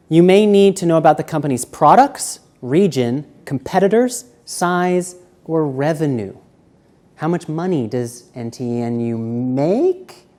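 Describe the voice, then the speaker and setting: A man giving a live seminar lecture, walking around and shifting between quiet, slow speech and loud emphasis. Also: mid-range voice. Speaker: seminar presenter. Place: university seminar room.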